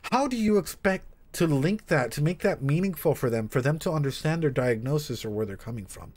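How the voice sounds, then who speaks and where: Brief: young man, therapist on a reaction stream, loose and animated, swears, addresses the chat directly. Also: fairly high pitch, fairly quick. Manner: animated, swears, talks straight to viewers.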